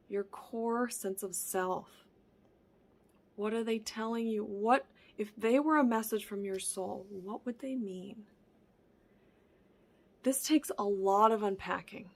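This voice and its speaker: A woman vlogger talking in an earnest, reflective personal monologue, often sinking into a soft whisper and circling back over her own phrases. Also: on the high side, slow pace, creaky. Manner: repeats and restarts phrases. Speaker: wellness vlogger.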